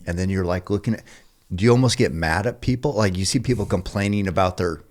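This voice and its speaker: A man as a podcast guest, speaking earnestly and haltingly as he searches for his words. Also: deep voice, darkish tone. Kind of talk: casual conversation.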